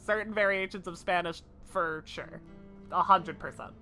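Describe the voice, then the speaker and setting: A woman's voice: lowish voice, moderate pace, sharp tone, soft background music. A woman streaming a game, chatting casually, laughing often and speaking emphatically. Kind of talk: casual live-stream chat while playing.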